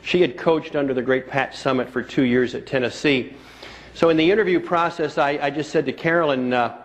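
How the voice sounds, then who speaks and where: A keynote speaker delivers a motivational talk to a live audience in a conference hall, telling stories and repeating key phrases for emphasis. His medium-pitched voice is brisk, with fairly even intonation.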